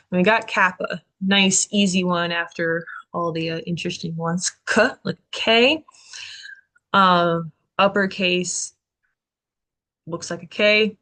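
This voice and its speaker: Woman tutor walking thru letter strokes, chatty and upbeat, kinda low voice. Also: a bit bright. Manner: chatty, upbeat, walks through each stroke. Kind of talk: recorded alphabet lesson.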